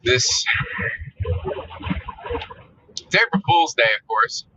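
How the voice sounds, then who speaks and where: A man talks casually to his viewers, cursing freely and venting with exasperation. His voice is very bright and sharp-edged, heard through dull, lo-fi audio. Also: on the high side, very animated, takes it slowly. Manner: profane, exasperated storytelling. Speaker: vlogger. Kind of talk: casual ranting monologue.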